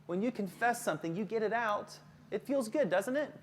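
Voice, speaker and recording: A man presenting a live workshop to teachers as a school counselor, lively, then dropping to a soft low voice for calm examples. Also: brisk, a little hiss or hum.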